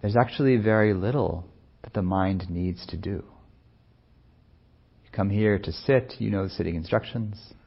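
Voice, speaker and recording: A man speaking as a meditation teacher in a soft-spoken, unhurried, musing way, with many pauses. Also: on the low side, creaky, slightly rough, highs cut off. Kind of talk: reflective dharma talk.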